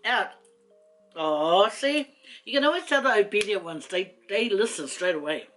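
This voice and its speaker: A woman's voice: mid-range voice, lively intonation, normal speed, fairly bright tone, faint music behind. A woman with a Samoan accent chatting playfully to camera while eating, teasing her food and giggling. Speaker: mukbang vlogger. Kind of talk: casual eating chat to camera.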